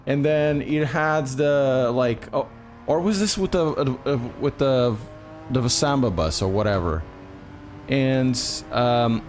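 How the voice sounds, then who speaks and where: A man's voice: medium pitch, expressive, takes it slowly, darkish tone, soft background music. A man from Portugal with a Portuguese accent, chatting with his live-stream viewers as he plays a racing game and swearing freely. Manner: chatty, swears often, talks to chat. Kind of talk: live-stream commentary while gaming.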